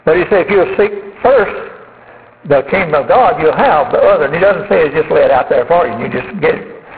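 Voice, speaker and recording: A middle-aged man preaching a sermon at a steady, measured pace, often pausing on "uh". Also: on the high side. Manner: measured, unhurried preaching with frequent fillers. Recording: phone-like audio in a long-reverb hall.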